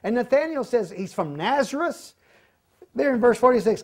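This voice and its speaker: A man's voice: very high voice, expressive, moderate pace, a little mellow. A man, older, teaching a Bible study lesson and acting out the quoted lines with animation.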